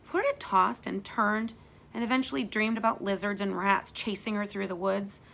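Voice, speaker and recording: Female teacher doing a read-aloud for kids, expressive, bright voice. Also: mid-range voice, normal speed, creaky. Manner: expressive, asks young listeners questions. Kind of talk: reading a children's book aloud.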